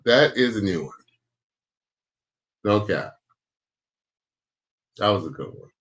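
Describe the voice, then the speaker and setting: Man, reaction host, casual, slangy, low-ish voice. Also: animated, slow, a bit bright. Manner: slangy, laid-back, repeats "bruh".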